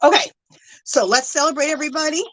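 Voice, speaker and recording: A woman's voice: sits high, fast, noisy background. A woman hosting a casual craft live stream, gushing thanks to viewers and counting aloud.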